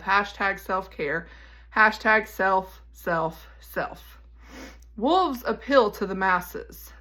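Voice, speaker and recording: A woman reads a daily devotional aloud, measured and emphatic, landing each pointed line with care. Her voice sits in a middle register. She then shifts into relaxed reflection. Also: medium pitch. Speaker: devotional podcast host.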